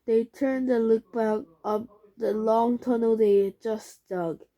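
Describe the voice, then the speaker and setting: Woman reading a children's story, unhurried, slightly high voice, stumbles now and then. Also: fairly even intonation, mellow. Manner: slow, careful reading with slips and restarts. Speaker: reader. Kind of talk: reading a children's book aloud.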